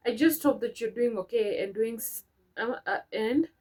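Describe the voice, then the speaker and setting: A woman's voice: a little high, normal speed, a little mellow, low-quality recording. Young woman reading letters aloud. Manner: sentimental, chatty asides between read lines. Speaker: vlogger.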